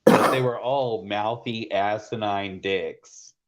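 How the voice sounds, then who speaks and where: A man's voice: lowish voice, steady tone, slow. A man from Georgia with a Southern accent, chatting casually and bluntly on a live stream, rambling with plenty of fillers and profanity. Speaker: stream host. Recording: dull lo-fi audio.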